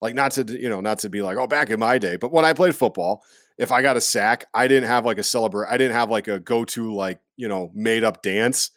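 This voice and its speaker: A man from Iowa in casual sports chat, rambling with lots of fillers and breaking into goofy high voices when quoting people. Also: a little fast, fairly bright tone, no echo.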